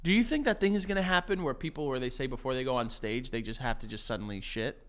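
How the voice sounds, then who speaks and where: A man's voice: medium pitch, quick pace. A man co-hosting a podcast in casual chat, teasing his partner and laughing at his own jokes. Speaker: podcast co-host.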